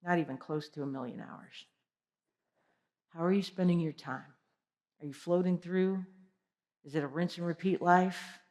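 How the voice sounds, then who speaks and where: A woman's voice: fairly low pitch, normal speed, long pauses. Woman giving a motivational keynote in a hall. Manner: energetic, direct questions to the audience. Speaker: keynote speaker. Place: large conference hall. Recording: long hall reverb.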